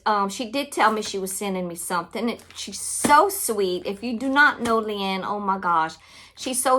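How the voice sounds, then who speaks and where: A woman's voice: medium pitch, a bit bright. A woman from Louisiana chatting in a casual unboxing vlog, gushing and talking straight to her viewers. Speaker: craft and book channel host.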